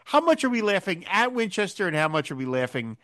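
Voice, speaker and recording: Animated laughing podcast host, man. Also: sits high, fast. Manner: animated, laughs often, acts out quotes. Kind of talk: casual podcast discussion.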